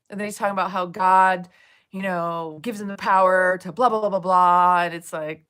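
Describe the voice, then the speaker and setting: A woman's voice: mid-range voice, brisk, a bit bright. A woman streaming live, chatting casually with viewers, swearing freely and soothing them by turns. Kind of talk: casual livestream chat.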